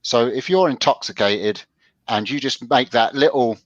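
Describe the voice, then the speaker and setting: A man's voice: medium pitch, normal speed, no room sound, lo-fi sound. A man co-hosting a casual chat show, telling stories in a stop-start way with restarts. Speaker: podcast co-host.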